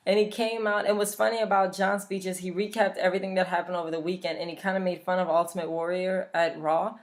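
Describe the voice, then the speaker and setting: A woman's voice: fairly low pitch, level tone, quick pace, few pauses. A young woman from Louisiana, chatting casually and bluntly, swearing freely as a vlogger. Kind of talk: casual chat.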